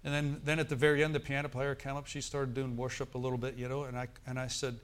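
A man's voice: mid-range voice, monotone, fast. A middle-aged male pastor preaching a sermon in a church, telling a story with emphatic bursts.

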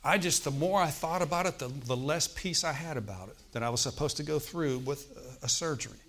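A man's voice: a little high, a little fast, a bit bright, a little hiss or hum. A man preaching a sermon, telling a personal testimony in a conversational way and often checking in with the congregation. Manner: conversational preaching, frequent "Okay?" check-ins.

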